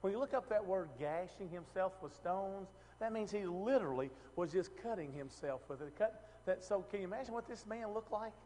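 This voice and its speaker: A man's voice: high voice, animated, a little fast, hardly any pauses, darkish tone, big-room sound, a little hiss or hum. A man teaching a Bible passage in a casual, conversational way, often asking the room questions and restarting his sentences. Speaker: preacher.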